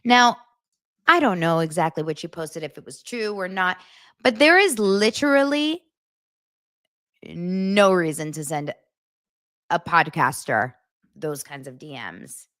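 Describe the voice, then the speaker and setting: A woman hosting a podcast, chatting casually about celebrity gossip and reacting in an animated, exclaiming way. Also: fairly low pitch, measured pace, long pauses, dry recording, studio quality. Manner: animated, exclaiming and reacting while reading posts aloud. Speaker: podcast host.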